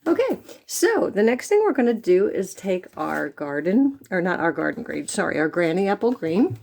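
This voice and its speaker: A woman's voice: lowish voice, sing-song, moderate pace, vocal fry, a little mellow. A woman from the United States giving a chatty step-by-step card-making tutorial, with frequent fillers. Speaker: stamping demonstrator. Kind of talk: craft tutorial.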